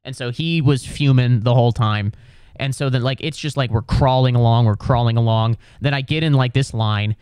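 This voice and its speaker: A young American comedian tells a story in an animated, profane way, leaning on filler words. His voice is smooth and clear, recorded close and dry with no room sound. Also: medium pitch, moderate pace, dry recording. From United States. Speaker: comedian podcast host.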